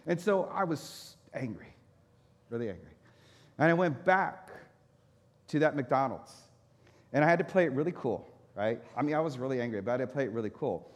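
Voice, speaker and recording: Animated pastor telling a story. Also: male voice, medium pitch, normal speed. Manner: animated storyteller, acts out his own anger. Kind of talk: storytelling sermon. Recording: echoey hall reverb.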